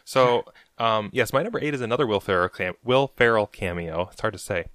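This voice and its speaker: Low, bright-voiced man, dry sound. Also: brisk, clean tone, no room sound. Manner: relaxed, hesitant with many ums. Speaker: podcast co-host. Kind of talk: casual chat.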